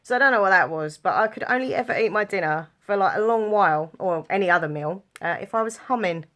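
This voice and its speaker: A woman's voice: medium pitch, quick pace, a bit bright. A young woman vlogging to camera, chatty and giggly, rambling with lots of fillers. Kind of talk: casual chat to camera.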